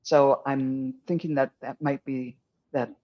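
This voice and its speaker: An older man giving a rambling, gentle psychic reading on a live stream, chuckling now and then. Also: medium pitch, steady tone, unhurried, dull audio. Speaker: psychic medium.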